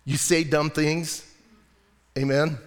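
A man preaching in a church, his voice pitched high and carried by a long reverb off the hall. He talks casually and jokes, often asking his listeners questions as he goes. The tone is relaxed and chatty rather than formal. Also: slow pace. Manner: casual, joking, asks the congregation questions. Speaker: pastor. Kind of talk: sermon. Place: church sanctuary.

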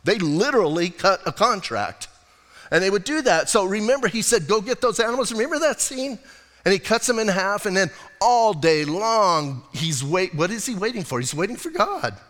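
Animated pastor in a reverberant church. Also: male voice, sits high, moderate pace. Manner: conversational, animated storytelling. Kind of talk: expository sermon.

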